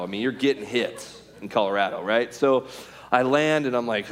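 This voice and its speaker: A middle-aged man tells a story from his playing days as a testimony to a crowd. His mid-pitched voice rises and drops as he acts out what people said, with lots of "like" and "right?" in between. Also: normal speed. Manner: animated, acts out scenes in quoted voices, many "like" and "right?". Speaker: former pro baseball pitcher giving a testimony.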